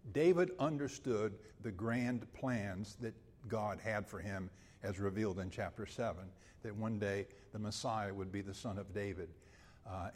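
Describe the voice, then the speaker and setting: A man preaching a sermon and reading scripture, with emphatic, drawn-out phrases that swell loud and then drop to a hush. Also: on the low side, slight background noise. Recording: long hall reverb.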